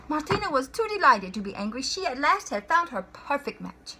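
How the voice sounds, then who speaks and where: A woman reading a children's picture book aloud in an expressive, playful way. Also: high-pitched, normal speed, slight background noise. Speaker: storyteller.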